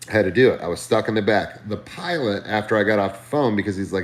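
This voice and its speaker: A man on a live stream telling a comedic story, animated, ranting and swearing freely. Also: fairly low pitch, quick pace, hardly any pauses, echoey room.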